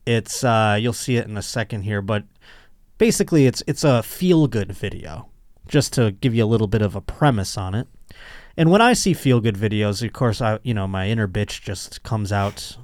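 A man's voice: lowish voice, expressive, normal speed, a little mellow, dry recording, clean studio sound. A man hosting a podcast, telling stories in a crude, joking way and slipping into mocking voices. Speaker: podcast host. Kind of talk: casual comedic monologue.

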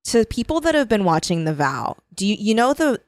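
A woman's voice: medium pitch, sing-song, a little fast, no echo, studio quality. A woman co-hosting a casual comedy chat, rambling and giggly, filling her talk with "like". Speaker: podcast co-host.

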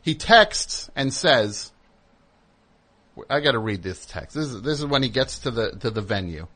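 A man from New Jersey hosting a comic call-in radio show, telling rambling stories with deadpan sarcasm. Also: medium pitch, a little slow.

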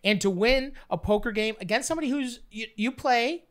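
A man's voice: very high-pitched, brisk. Crude joking man cohosting a podcast. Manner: crude, teasing, jokey self-aggrandizing. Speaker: podcast co-host. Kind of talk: casual banter.

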